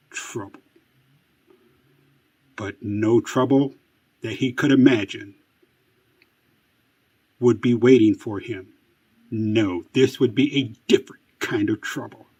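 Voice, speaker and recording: A man telling a family story as mock-suspense narration, dramatic and hushed at times, with wry self-mocking asides. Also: lowish voice, husky. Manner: dramatic, slow and hushed, building to excited outbursts.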